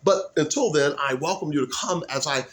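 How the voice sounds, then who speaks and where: A man's voice: on the high side, fairly quick. A man talking casually to his camera in a loose, rambling way while he practices comedy voices. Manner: rambling, loose, lively delivery. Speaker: aspiring comedian and musician. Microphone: camera mic.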